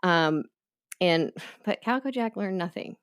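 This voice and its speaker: Brief: deep-pitched woman host, casual chatty storytelling, quick asides. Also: lively intonation, clean tone. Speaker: podcast host.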